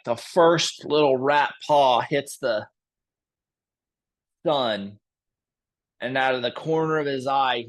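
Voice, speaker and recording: A man guiding a restorative yoga class and telling a story in a calm, gentle way. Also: medium pitch. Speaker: yoga instructor.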